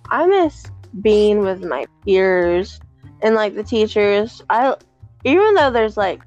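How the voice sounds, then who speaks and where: Young woman from the South, podcast co-host, halting casual chat, mid voice, slightly dull audio. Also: medium pitch, sing-song, a little mellow, soft background music. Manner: giggly, halting with many fillers.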